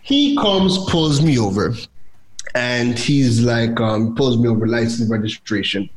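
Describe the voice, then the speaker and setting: A young man from Trinidad, telling a personal story in a casual chat as a guest, animated and quoting others. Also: mid-range voice, measured pace. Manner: animated, lively retelling with quoted voices.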